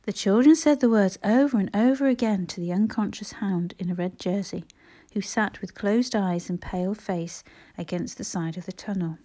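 Brief: woman narrator, mellow and warm, measured audiobook reading. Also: medium pitch.

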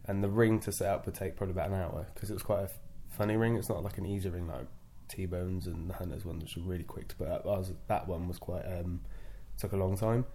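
A man's voice: low-pitched, fairly even intonation, fast, few pauses, mellow, slight background noise. A man chatting as a podcast guest, telling rambling, self-deprecating stories about wrestling. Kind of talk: casual podcast conversation.

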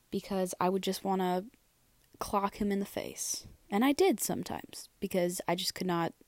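A woman's voice: mid-range voice, a little mellow, dry recording. Young woman, podcast host, tired and yawning, rambling chat, dry close mic. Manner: chatty, rambling, many fillers and restarts. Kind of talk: casual personal podcast talk.

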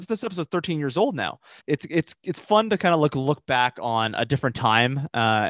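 A man's voice: mid-range voice, a bit bright, no room sound, studio quality. A man co-hosting a casual podcast, easygoing and a bit hesitant, with many fillers and restarts. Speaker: podcast co-host.

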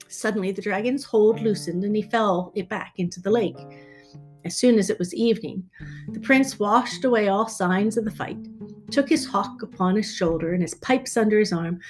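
A woman reading a fairy tale aloud in a measured, expressive storytelling style. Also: medium pitch. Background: soft guitar music.

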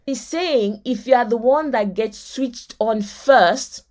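A woman with a Nigerian accent and a fairly high voice hosts a motivational podcast. She tells lively stories and acts out the people in them. She quotes scripture in a preacher's manner. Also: slow pace. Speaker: podcast host.

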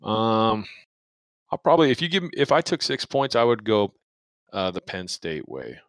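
Deep-voiced man chatting sports picks. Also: very animated, normal speed, a bit bright, no room sound. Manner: joking, rambling, trails off with fillers. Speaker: podcast co-host. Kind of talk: casual sports betting chat.

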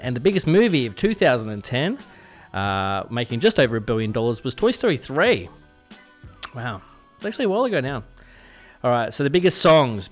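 A young Australian man hosting a casual radio show, chatty and self-deprecating, sometimes stumbling over his words. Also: mid-range voice. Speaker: radio host. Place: radio studio.

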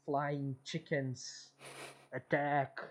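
A man co-hosting a podcast who retells events in slow, drawn-out phrases. His tone is casual and chatty. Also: a little high, little pitch movement. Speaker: podcast co-host. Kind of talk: casual chat.

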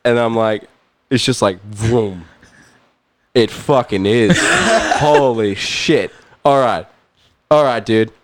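A man's voice: mid-range voice, slow pace, pauses often, a little hiss or hum. A young man telling a story in casual chat, laughing often and swearing freely. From New Zealand. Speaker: podcast guest, musician.

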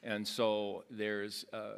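A man's voice: lowish voice, completely flat delivery, drawn-out words, vocal fry, clear, resonant tone. A man teaching a Bible passage verse by verse in an explanatory way, often restarting and adding asides.

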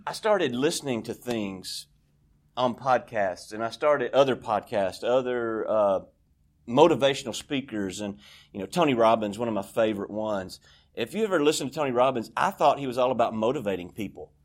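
Guy sharing his story at a recovery meeting, candid, rambly, confessional, church meeting room. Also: medium pitch. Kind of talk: personal share at a recovery meeting.

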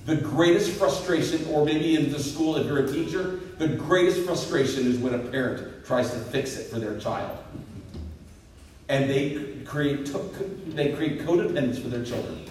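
A man in his fifties preaches a sermon with a voice that rides a little high and swoops up and down as he tells jokes on himself. He is heard from some way off in a very echoey hall, with a faint hiss underneath. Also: moderate pace. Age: 50s. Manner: lively, self-deprecating storytelling with swooping pitch. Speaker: pastor. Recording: echoey hall picked up from a distance.

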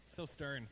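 A man appearing as a guest on a live comedy podcast, playful and quick to giggle. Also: slight background noise. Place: live stage before an audience.

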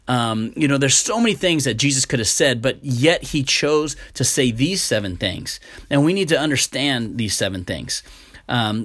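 A man delivers a sermon in a slow, measured voice with some hesitations and restarts. He reads long scripture passages aloud at a middle pitch. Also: a bit bright. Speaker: preacher.

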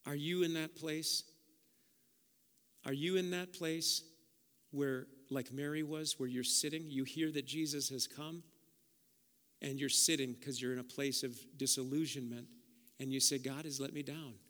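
Bright-voiced impassioned male preacher. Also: fairly high pitch, fairly even intonation, unhurried, pauses often. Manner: impassioned, rising to loud peaks, then soft and prayerful. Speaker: pastor. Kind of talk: sermon with altar call. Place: church sanctuary with long reverb. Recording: reverberant church hall.

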